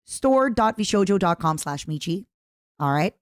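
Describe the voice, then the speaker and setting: A woman's voice: mid-range voice, animated, moderate pace, no echo, clean studio sound. A woman streamer chatting casually as she reacts to a video, rambling and plugging merch.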